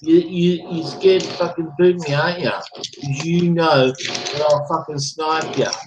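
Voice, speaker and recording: A man's voice: a little high, steady tone, unhurried, background noise. A man ranting in an online voice chat room, taunting a rival with repetitive profane gloating over a computer microphone. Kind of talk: angry taunting rant.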